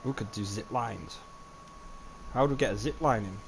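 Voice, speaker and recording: A young man giving live gameplay commentary as a streamer, chatty, with frequent swearing and sudden excited outbursts. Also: on the low side, normal speed, vocal fry, a little hiss or hum. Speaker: livestreamer.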